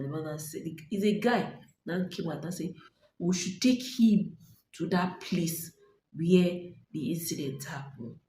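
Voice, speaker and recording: A woman's voice: sits low, dark tone. A young Nigerian woman vlogger dramatically retelling a story to her viewers, acting out voices and dropping to whispers. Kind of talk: storytelling to camera. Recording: echoey room, faint ambient noise.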